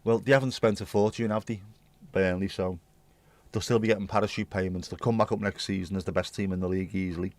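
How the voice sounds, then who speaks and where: A man's voice: sits low, fairly even intonation, fast talker, a little mellow, no echo. A man hosting a livestream, chatting to viewers in a rambling, jokey way and swearing casually. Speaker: livestream host.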